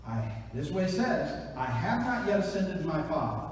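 A man preaching an Easter sermon, dropping to hushed tones and then rising to excited shouts. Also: fairly high pitch, moderate pace, slight background noise. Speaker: pastor. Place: large church sanctuary. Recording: echoey church hall from far off.

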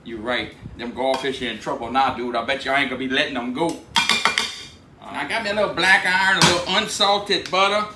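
A man's voice: medium pitch, brisk, echoey room, background noise. A man with a Cajun Louisiana accent, hosting a cooking video in a laid-back drawl. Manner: laid-back drawl, says "dude" a lot. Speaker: cooking channel host.

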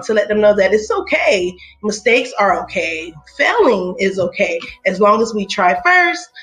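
A woman teacher speaks in a sincere, heartfelt way in a recorded video testimonial. Faint music plays softly under her voice. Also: medium pitch. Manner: earnest, heartfelt. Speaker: third grade teacher.

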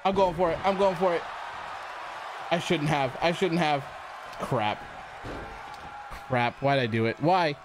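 A man hosting a gaming channel, giving excitable let's play commentary and talking back to the characters on screen. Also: fairly high pitch, a little slow, long pauses, a crowd in the background. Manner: excitable, reacts loudly to the game, talks to characters. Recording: clear background noise.

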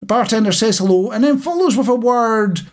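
A man's voice: very high-pitched, a little fast. A man co-hosting a casual chat podcast, talking to listeners directly with wry, dry humour. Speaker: podcast co-host.

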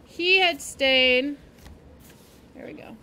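A woman reading a children's novel aloud in an expressive, gentle storytelling manner. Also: high-pitched, takes it slowly, a little hiss or hum. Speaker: reader.

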